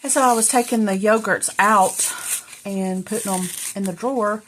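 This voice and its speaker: A middle-aged crafting vlogger speaks at normal speed in a mid-range, fairly bright voice, with a little hiss or hum in the background. She chats to viewers and to herself while crafting indoors in her home craft room, rambling and a bit out of breath.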